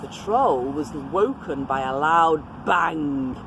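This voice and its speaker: Slow, expressive woman storyteller. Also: deep voice, gravelly, noisy background. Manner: gentle, addresses children directly. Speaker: storyteller reading to children.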